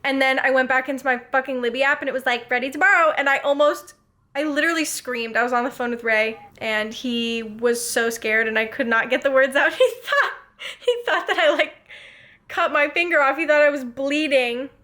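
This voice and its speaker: Young woman, book vlogger, high voice, gushing and excitable, swears freely, casual chat. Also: fairly quick. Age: young adult.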